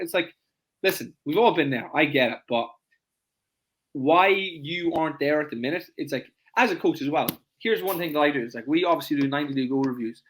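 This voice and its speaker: A man coaching through a casual podcast chat, his speech racing along at a brisk clip. His voice sits a touch higher than most men's. He pushes his points hard and fills the gaps with "it's like" over and over. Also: a bit bright. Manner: rapid, emphatic, repeats "it's like" constantly; acts out clients in high voices. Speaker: fitness coach and podcast host.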